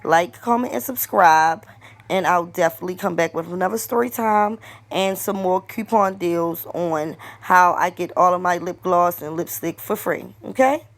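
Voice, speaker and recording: A woman's voice: lowish voice, moderate pace. A woman, vlogging a casual storytime while trying on lipstick, telling it animatedly with lots of fillers and swearing. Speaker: beauty and coupon vlogger.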